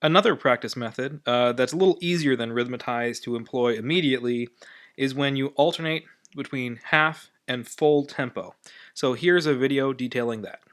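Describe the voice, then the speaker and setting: A man gives a brief voice-over introducing the next technique. His pitch sits at an ordinary middle level for a man. He speaks in a friendly, matter-of-fact way. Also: moderate pace, fairly bright tone. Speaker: trombone teacher.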